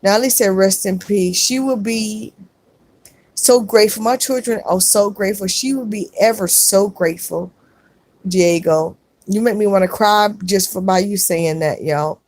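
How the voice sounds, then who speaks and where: A middle-aged woman on a casual live stream, reading viewer comments aloud and answering each one warmly. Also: medium pitch, normal speed. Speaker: vlogger reading live chat.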